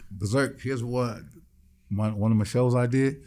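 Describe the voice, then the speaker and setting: A man's voice: mid-range voice, steady tone, a little slow, darkish tone. A man, a musician guest in an interview, telling his story bluntly and acting out the voices of the people in it. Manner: blunt, swears freely.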